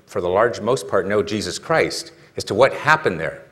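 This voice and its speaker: Conversational male preacher, low voice. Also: animated, moderate pace, fairly bright tone. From California. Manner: conversational, rhetorical questions, builds to emphatic peaks. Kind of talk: sermon.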